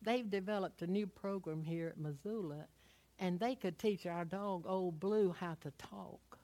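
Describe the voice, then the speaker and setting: Woman playing a sly college boy, soft and wheedling, dropped low in a sermon joke. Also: unhurried. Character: scheming college-age son, smooth-talking.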